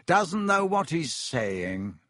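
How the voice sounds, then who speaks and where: Man doing a smug pompous wizard prof, patronizing, swoopy pitch, dry sound. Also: very animated, takes it slowly, fairly bright tone, no echo, exaggerated voice. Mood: soothing. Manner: breezy, patronizing, soothing. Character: vain, pompous grown man wizard teacher.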